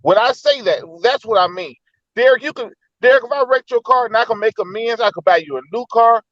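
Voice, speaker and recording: A man in a casual talk, thinking out loud and telling personal stories to make his point. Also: very high voice, brisk, no echo, muffled recording. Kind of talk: casual debate.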